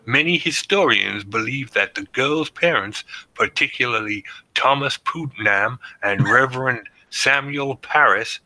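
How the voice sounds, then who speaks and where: A man's voice: medium pitch, a little slow, few pauses, pushed and bright, no room sound, poor audio. A man co-hosting a podcast, reading out history notes and joking between the facts. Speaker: podcast co-host presenting research. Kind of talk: casual chat reading notes.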